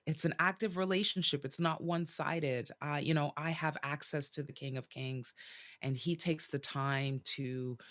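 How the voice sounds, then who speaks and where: Halting woman guest, repeating her words. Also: low-pitched, fairly even intonation, fairly bright tone. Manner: halting, repeats words before finding them. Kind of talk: interview answers.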